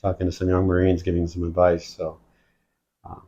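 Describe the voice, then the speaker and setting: Profane storytelling man, low voice. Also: brisk, highs cut off. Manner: profane, animated storytelling, acts out quoted dialogue. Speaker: guest, military veteran. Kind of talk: casual storytelling.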